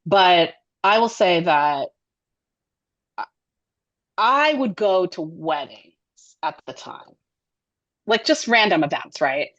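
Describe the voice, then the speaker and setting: A woman who directs and produces children's television, chatting as an interview guest in a chatty, animated way with many fillers. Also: fairly low pitch, takes it slowly, long pauses, lo-fi sound. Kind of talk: casual interview chat.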